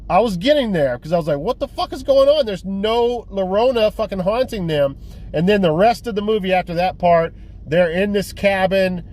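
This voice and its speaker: A young man with a somewhat high voice rambles casually about films he collects. He swears freely and keeps restarting his sentences with "uh" and "man." The tone is loose and unscripted, a vlogger talking off the cuff. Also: a little mellow. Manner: profane, rambling, lots of fillers and restarts. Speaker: physical media collector vlogger. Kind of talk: casual rambling movie review.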